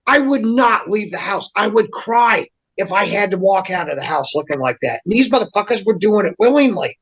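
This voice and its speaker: A man on a heated, profane rant in casual podcast chat, animated and cursing constantly. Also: high-pitched, fairly quick, slightly rough, low-quality recording. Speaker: podcast regular.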